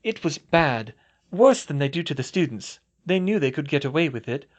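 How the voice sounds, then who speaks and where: A blunt, cold young woman student, as a man puts her on in an audiobook, telling things flatly and matter-of-factly. Her voice is pitched a bit above a man's usual. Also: normal speed.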